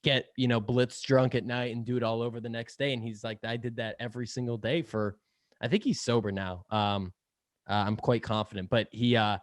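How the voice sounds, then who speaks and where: A young man talks loosely as a podcast guest, full of fillers and easy laughs, with the odd swear word. His voice sits at an ordinary middle pitch. The sound is dry and close, with no room around it. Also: steady tone, brisk, dry recording. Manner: rambling, filler-heavy, laughs often, swears casually. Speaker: podcast guest, sales podcast host. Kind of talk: casual interview chat.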